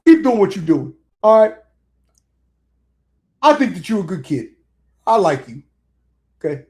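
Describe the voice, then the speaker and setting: A man's voice: sits high, sing-song, unhurried, mellow. A man co-hosting a casual sports chat, barking orders at players in a mock drill-sergeant manner. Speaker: podcast co-host.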